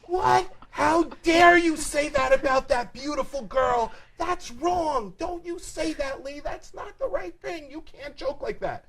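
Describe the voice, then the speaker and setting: A man doing a shrill outraged old aunt. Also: lively intonation, unhurried, creaky, few pauses, fairly bright tone, a little hiss or hum, heavily acted. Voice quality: high-pitched, shrieking.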